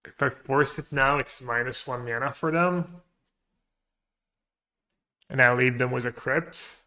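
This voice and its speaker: Male streamer, mid pitch, mutters his plays aloud and cracks jokes with chat. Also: a little slow. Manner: muttering, trailing off quietly; joking banter with chat. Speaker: streamer playing a card game. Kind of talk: thinking aloud while playing.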